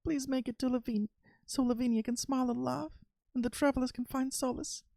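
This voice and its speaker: A woman's voice: sits high, steady tone, fairly quick, creaky, dark tone, no room sound. A woman voicing a frightened young girl accused of witchcraft, pleading desperately as she reads a story game aloud. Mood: prayerful.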